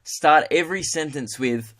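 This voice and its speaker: A man's voice: on the high side, moderate pace, fairly bright tone. A young Australian man hosting his comedy podcast, rambling in a casual, self-mocking monologue.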